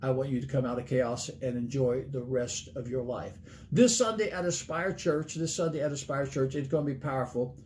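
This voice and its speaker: A man's voice: mid-range voice, fairly even intonation, brisk, darkish tone, a little hiss or hum. A middle-aged man preaching a sermon as a pastor, earnest and plain-spoken, laying out numbered points and folksy stories.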